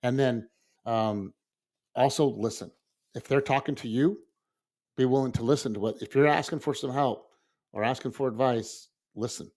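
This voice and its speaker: A man's voice: mid-range voice, moderate pace, darkish tone. Earnest sixty-year-old man on a podcast. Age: 60s. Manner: earnest, rambling, laughs often. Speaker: podcast co-host. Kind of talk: casual podcast chat.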